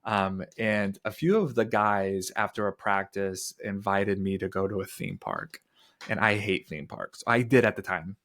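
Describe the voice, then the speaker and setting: A man in his thirties, a podcast guest, telling a personal story in an earnest, animated way with casual fillers. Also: lowish voice, unhurried.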